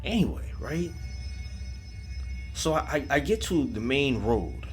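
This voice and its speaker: A man's voice: medium pitch, very animated, slow pace. A man telling a first-person scary story in a casual, profane, street-style way. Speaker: horror story narrator. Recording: music bed under voice.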